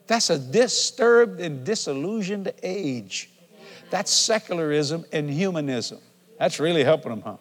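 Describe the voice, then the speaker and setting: This middle-aged preacher, fairly high-voiced and expressive, delivers a folksy church sermon at a measured pace. He moves between relaxed conversational asides and shouted proclamations, his voice ringing through a big hall with long reverb.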